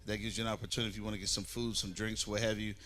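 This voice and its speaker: A man's voice: fairly low pitch, flat delivery, very fast, fairly bright tone, slight background noise. A man hosting a comedy show, casually thanking the audience and announcing a break. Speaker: show host and producer. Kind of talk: stage announcements. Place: comedy club stage.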